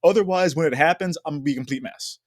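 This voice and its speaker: A man's voice: on the high side, very fast, no echo, clean studio sound. A young adult man, a podcast co-host chatting casually about a reality show, laughing often and acting out other people's voices.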